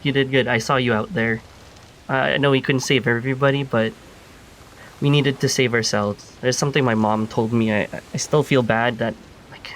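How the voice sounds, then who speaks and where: A man's voice: medium pitch, slight background noise, natural voice. A man voicing a big alligator-man warrior who talks in an earnest, shaky, consoling way.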